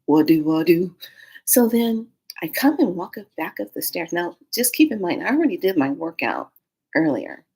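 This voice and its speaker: A woman vlogger telling a story in a casual, animated, slangy way, acting out every quote. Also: lowish voice, moderate pace, husky.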